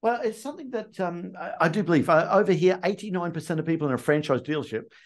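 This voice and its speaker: A man's voice: high voice, fast. A man hosting a casual conversation, asking pointed questions and making emphatic points. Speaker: host.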